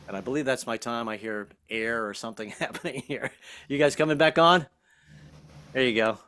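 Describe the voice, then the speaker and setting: A man's voice: mid-range voice, brisk, pushed and bright, smooth. A man in his sixties doing a jokey stand-up comedy set over a video call, slipping into silly voices. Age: 60s. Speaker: stand-up comic.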